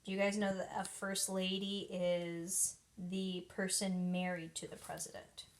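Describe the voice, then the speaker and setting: A woman's voice: lowish voice, level tone, noisy background. Woman reading a storybook to kids. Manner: pauses to explain to young listeners. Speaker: reader of children's books. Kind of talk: reading aloud to children.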